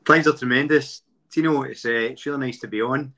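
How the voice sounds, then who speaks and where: A man with a bright, forceful voice of middle pitch chats as a podcast guest. He sounds upbeat and jokes easily as he talks. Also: fairly quick. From Glasgow, Scotland. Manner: jokey and upbeat. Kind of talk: casual podcast chat.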